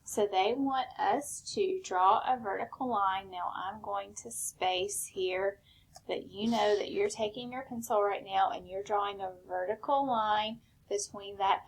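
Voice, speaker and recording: Patient woman teacher with gravelly voice. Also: mid-range voice. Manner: slow, patient step-by-step instruction. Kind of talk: recorded spelling lesson.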